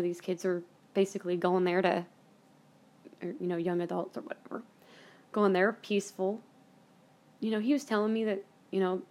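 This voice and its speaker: A woman hosting a show, telling a story from her own life in a casual, rambling way, blunt and quick to swear. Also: lowish voice, darkish tone. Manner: chatty and blunt, swears freely; rambling, with many fillers and self-corrections. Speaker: podcast host.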